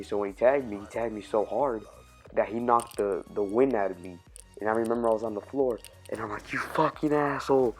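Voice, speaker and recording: Young man, lowish voice, loose chatty storyteller who corrects himself, light music bed. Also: a little mellow. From Cuban family. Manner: rambling, filler-heavy, self-correcting. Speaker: YouTube storyteller. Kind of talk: casual storytime vlog.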